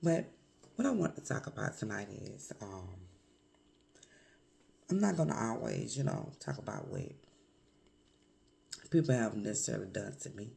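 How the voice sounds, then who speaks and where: A woman vlogger with a hoarse voice from a cold, speaking candidly and reflectively in a confessional vlog, with many pauses and fillers. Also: rumbling low, very animated, mellow, a little hiss or hum.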